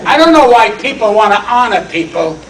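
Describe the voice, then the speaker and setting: Brash high-voiced old comic in echoey hall. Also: male voice, very animated, fairly quick, distant mic, noisy background. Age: 80s. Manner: brash, punchy comic delivery with wisecracks. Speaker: award honoree and comedian. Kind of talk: stand-up acceptance speech. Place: banquet hall.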